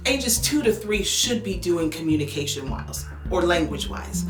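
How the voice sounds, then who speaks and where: A woman's voice: mid-range voice, reverberant. A woman who is a speech language pathologist, giving upbeat, coaching advice to parents and demonstrating with exaggerated tones. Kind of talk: instructional talk to parents.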